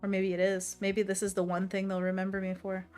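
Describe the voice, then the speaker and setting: Female stream host, mid-pitched, casual and chatty, talks to herself as she paints. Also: animated, moderate pace, darkish tone, soft background music. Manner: chatty, reads chat aloud, laughs often; talks to herself while working. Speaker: livestream host painting envelopes. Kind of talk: casual livestream chat while painting.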